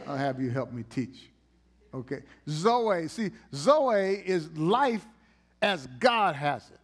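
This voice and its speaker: A man with a high voice preaches in a church. His sermon is animated and conversational, and he teases the congregation as he goes. He swings between loud, emphatic bursts and hushed, gentle passages. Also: slow.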